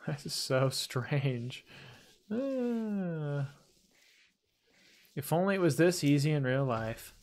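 A man with a gravelly, fry-edged voice talks through a game as he plays it. He rambles casually, mutters to himself, and pokes fun at his own slip-ups. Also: a little high, expressive, slow pace, pauses often, darkish tone. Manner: chatty, self-deprecating, talks to himself while playing. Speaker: gaming video host. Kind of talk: casual let's-play commentary.

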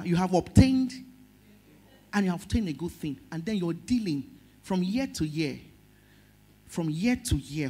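A middle-aged woman with a Nigerian accent preaching a sermon as pastor, emotional, swinging between loud stress and soft words. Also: fairly low pitch, breathy edge.

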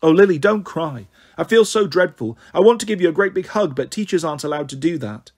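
A man voicing a kind male schoolteacher who talks gently and apologetically in a storybook reading. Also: fairly high pitch, animated, brisk. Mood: apologetic.

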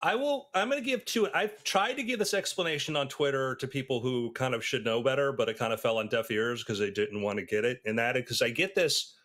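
A man's voice: a little fast, hardly any pauses. A man in casual podcast chat, telling anecdotes and acting out the people he quotes. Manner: animated storyteller, acts out quotes with big pitch jumps.

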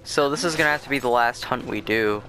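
A young man with a bright, forward voice talks his way through a video game, rambling and casual, restarting sentences and filling pauses. His pitch sits in an ordinary middle range, and faint game music plays under his voice. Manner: rambling and chatty, with many fillers and restarts. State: sleepy, yawning. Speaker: let's play host. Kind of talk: casual gameplay commentary.

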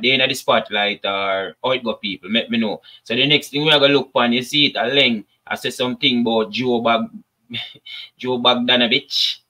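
A Jamaican man talks straight to his viewers in easy patois, running a casual commentary show. His voice is bright and forceful, with plenty of push behind it. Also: medium pitch. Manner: chatty, addresses viewers as people, patois asides. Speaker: commentary channel host.

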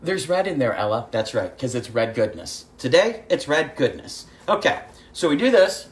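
A woman's voice: rumbling low, very animated, normal speed. Chatty woman hosting a cooking show. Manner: chatty storyteller, greets viewers by name, calls audience kids. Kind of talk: casual livestreamed cooking demo. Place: home kitchen.

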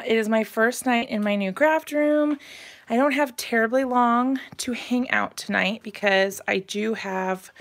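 A woman's voice: a little high, fairly bright tone. Chatty woman streaming from her craft room. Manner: chatty, apologetic, laughs often, many fillers. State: out of breath. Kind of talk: casual live-stream chat.

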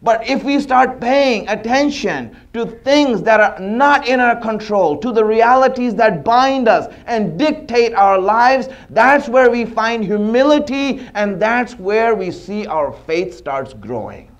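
Man, sermon, storytelling, repetitive, conversational, high voice. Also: expressive, slow pace, hardly any pauses, dull audio. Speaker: religious speaker.

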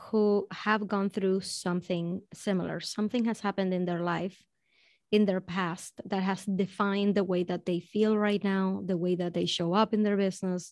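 A woman hosts a podcast, posing calm, open-ended questions to her guest in a voice of middling pitch. The recording is dry, with no room echo around her. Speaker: podcast host. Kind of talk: interview questions.

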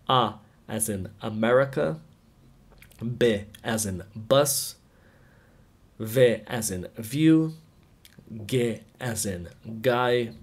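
A man giving an alphabet pronunciation lesson, carefully sounding out each letter one by one. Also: mid-range voice. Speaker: language teacher.

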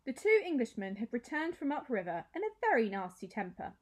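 A woman teacher reading a children's novel aloud with expressive storytelling. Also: on the high side, a little fast.

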